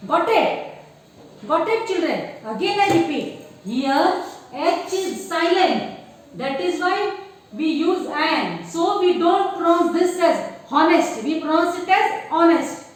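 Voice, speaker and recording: A woman's voice: extremely high pitch, expressive. Woman, Indian English accent, teacher, grammar lesson, drilling words, distant mic, echoey classroom. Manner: slow, repetitive explaining, drills words aloud. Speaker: school teacher. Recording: echoey room, far from mic.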